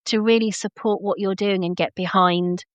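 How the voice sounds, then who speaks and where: A woman's voice: mid-range voice, fairly even intonation, moderate pace, clean tone, no room sound. A woman hosting a podcast interview, talking conversationally with fillers like um and kind of. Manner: conversational, with kind ofs and ums. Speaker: podcast host.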